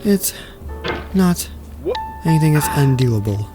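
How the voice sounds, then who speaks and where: A gaming YouTuber doing let's play commentary, exasperated and talking back at the game, lurching between yelling and muttering. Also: medium pitch, animated, slow pace. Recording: voice with game music playing. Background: game music.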